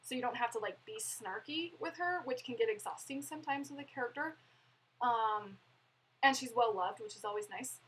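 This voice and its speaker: A woman's voice: fairly high pitch, normal speed, husky, low-quality recording. A young woman chatting casually on a live stream, rambling and laughing as she answers viewers' questions. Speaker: vlogger answering live chat.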